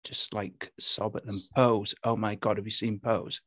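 A man's voice: on the low side, level tone, a little slow, a bit bright, no room sound. A man with a Hull accent, co-hosting a podcast over a video call, bantering casually and swearing a lot. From Hull, England. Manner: sweary, self-mocking banter. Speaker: podcast co-host. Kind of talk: casual chat. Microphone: studio mic with pop shield.

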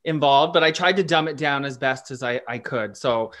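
A man's voice: medium pitch, normal speed, a bit bright. A man co-hosting a podcast, telling rambling personal stories in a playful, self-deprecating way. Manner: rambling, laughing storyteller. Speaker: podcast co-host. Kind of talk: casual chat.

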